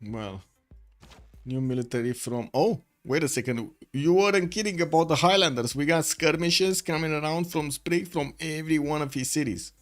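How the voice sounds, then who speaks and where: A man's voice: a little high, normal speed, soft background music. Man casting a strategy game. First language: Romanian. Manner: chatty, thinks aloud with many fillers. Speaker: esports caster. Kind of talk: live game commentary. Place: home room with the window shut.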